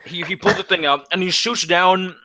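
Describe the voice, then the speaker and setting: A man's voice: sits high, fairly even intonation, normal speed, a crowd in the background. A young man in casual chat, easygoing and agreeable, with hesitant fillers.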